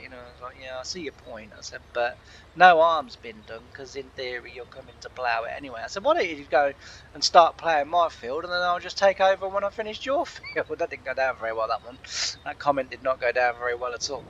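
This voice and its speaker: A man's voice: medium pitch, lively intonation, a little fast, a bit bright, muffled recording, a little hiss or hum. Chatty man telling stories. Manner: chatty, laughs often, acts out quoted people. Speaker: gaming channel host. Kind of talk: casual storytelling over gameplay.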